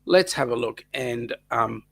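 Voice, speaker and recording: An Australian man hosting a casual livestream chat, croaky from a lingering cough, cracking jokes and reading out viewer comments. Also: mid-range voice, lively intonation, a little slow, fairly bright tone. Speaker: livestream host.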